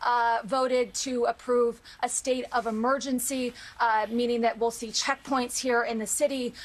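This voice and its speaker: A woman reporting live as a foreign correspondent, measured, with frequent fillers. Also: on the high side, flat delivery.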